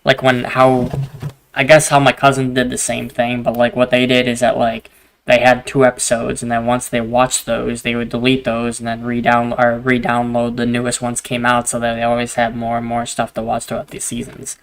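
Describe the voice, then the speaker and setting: A man's voice: medium pitch, monotone, normal speed, creaky, fairly bright tone, clear, resonant tone. A young man hosting a gaming video, telling long rambling stories in casual chat and swearing a lot.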